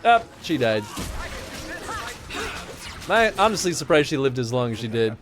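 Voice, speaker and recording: A man's voice: mid-range voice, sing-song, unhurried, music in the background. A man with a light Chicago accent streaming a game, rambling and chatting casually with lots of laughter. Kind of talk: casual live-stream chat.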